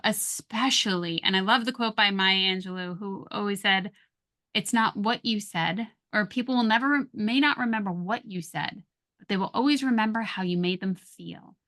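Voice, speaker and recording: A woman speaks in a steady mid-range voice, giving parenting advice in a relaxed conversational way. She acts out sharp and soft ways of speaking to show the difference. It sounds like an unscripted podcast chat. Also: medium pitch, normal speed. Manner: calm, coaching, acts out soft and sharp tones. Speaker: guest, parenting communication coach.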